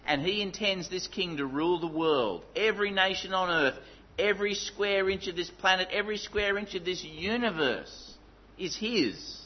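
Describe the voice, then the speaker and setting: A man preaching a sermon, emphatic, dropping to low, intense tones for stress. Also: expressive, moderate pace, dull audio.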